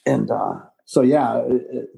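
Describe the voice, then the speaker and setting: A man talks casually as an interview guest about his old band days. His voice is gravelly and a bit husky. He rambles, stops, and restarts his sentences. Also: mid-range voice, mellow. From Southern California. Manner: rambling, halting, with restarts and laughs. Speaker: punk singer, guest.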